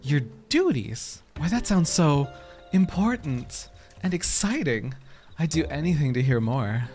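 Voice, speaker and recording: A man doing a coy flattering young woman. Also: on the high side, unhurried, soft background music. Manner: sugary mock-admiring tone.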